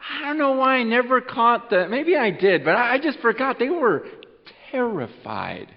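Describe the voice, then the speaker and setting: Earnest male pastor with a high voice giving a holiday sermon, shifting from loud to hushed, recorded dull in a reverberant hall. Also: animated, fairly quick. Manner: earnest, repeats words, swings from loud urging to hushed. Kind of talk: Christmas Eve sermon. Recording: muffled sound with long hall reverb.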